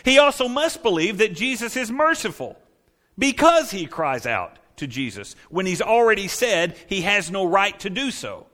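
A man preaching a sermon as pastor, with a slightly higher voice than most men. He talks conversationally and checks in with his listeners. He swings between loud emphatic declarations and hushed asides. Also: big pitch swings, normal speed.

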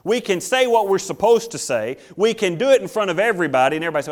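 A man's voice: big pitch swings, fast talker. A man preaching a sermon, reading scripture and acting out voices. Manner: preaching with acted-out voices and dramatic pitch swings. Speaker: pastor.

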